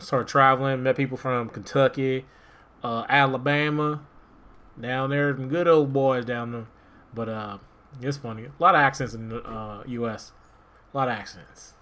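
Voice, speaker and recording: A man from Maryland streaming a game, chatting casually and rambling to himself as he plays. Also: medium pitch. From Maryland, USA. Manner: rambling, relaxed, talks to himself while playing. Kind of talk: casual gameplay commentary.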